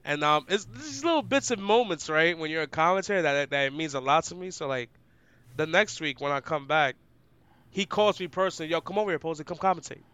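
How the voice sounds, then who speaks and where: A man's voice: on the high side, brisk, clean tone, dry recording. A young adult man, an esports commentator, telling stories in a casual, slangy interview chat. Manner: animated and slangy, many "like" fillers; describes himself as loud and outgoing.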